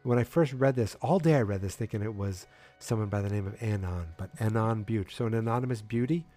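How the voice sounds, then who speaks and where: A man's voice: lowish voice, fairly quick, mellow, soft background music. A man hosting a casual solo podcast, rambling with many fillers and self-corrections. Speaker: podcast host.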